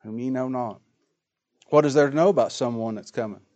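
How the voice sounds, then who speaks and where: A man preaches in a folksy, down-home way. His voice sits in a middle range, dropping low and quiet before rising to loud, dramatic peaks. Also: brisk, muffled recording. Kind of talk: sermon.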